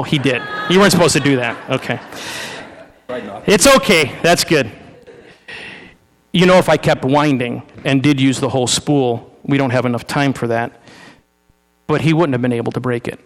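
A male pastor preaching an informal sermon, often repeating and restarting words as he talks with his congregation during a demonstration. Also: mid-range voice. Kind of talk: conversational sermon with live demonstration. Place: church sanctuary. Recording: long reverb of a large hall.

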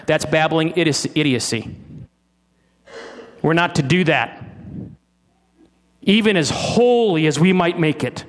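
Slightly high-voiced, a man preaches a sermon, teasing his listeners with rhetorical questions and slowing down to lean on key words.

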